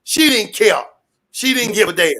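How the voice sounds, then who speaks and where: A man ranting loudly and profanely in street slang, rambling and repeating his catchphrases. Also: high-pitched, expressive, moderate pace. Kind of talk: animated rant to an interviewer.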